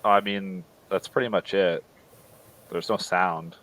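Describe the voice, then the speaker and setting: Male co-host, casual rambling talker, low voice, slow delivery. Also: steady tone, a bit bright, low-quality recording. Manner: rambling, many restarts and mocking quoted voices. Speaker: podcast co-host. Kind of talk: casual political chat on a livestream.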